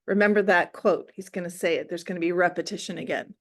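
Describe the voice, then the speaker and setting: A woman's voice: on the low side, quick pace, hardly any pauses. Woman teacher, storybook read-aloud with casual classroom asides. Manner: expressive reading, casual asides.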